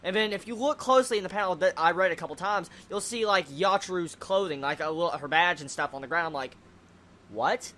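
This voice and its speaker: A manga reviewer in a loose, unscripted rant, voice pitched in an ordinary middle range. They speak bluntly, curse often and pile up rhetorical questions, stumbling into restarts as they go. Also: fast talker, few pauses. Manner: blunt, swears freely, animated. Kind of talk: casual chapter review rant.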